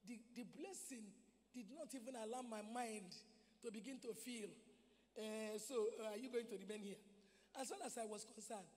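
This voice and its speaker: A woman with a Nigerian Igbo accent preaching a sermon at a convention, impassioned and at times shouting exhortations. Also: on the high side, moderate pace. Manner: impassioned, shifts between speaking and shouting exhortations. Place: convention hall. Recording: long hall reverb.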